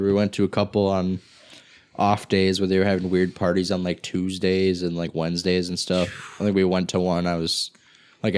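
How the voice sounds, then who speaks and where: A man's voice: sits low, smooth. A young man and podcast co-host, chatting casually in a laid-back, rambling way. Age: young adult. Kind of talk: casual chat.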